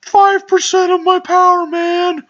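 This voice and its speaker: A man's voice: level tone, measured pace, fairly bright tone. A man voicing an overpowered, laid-back cartoon slacker dude with a cocky, drawling delivery. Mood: cocky, threatening. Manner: drawling, cocky, high and strained. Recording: dull lo-fi home recording.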